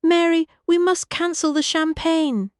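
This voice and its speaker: A woman's voice: fairly even intonation, a little slow, no echo. A commanding aristocratic lady, put on by a woman reading a mystery audiobook, with a piercing, raised voice. She speaks in clipped, decisive bursts and expects to be obeyed. The sound is close and dry. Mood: imperious. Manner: shrill, decisive, near shouting. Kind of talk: audiobook character voice.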